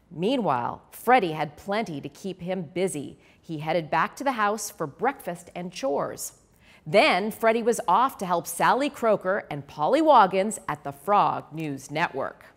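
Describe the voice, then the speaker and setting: A woman reading her children's picture book aloud, with expressive storytelling and asides to the host. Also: on the low side, measured pace.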